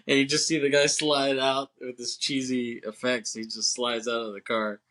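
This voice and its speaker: A man with a bright, forward voice chats casually on a movie podcast. He laughs often, swears freely and acts out bits of the film as he retells it. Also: mid-range voice, flat delivery, a little slow. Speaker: podcast co-host.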